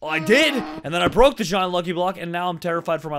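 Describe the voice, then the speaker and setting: A young man giving excited gaming commentary, yelping and shouting whenever danger hits. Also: high voice, quick pace, slight background noise. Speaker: gaming YouTuber.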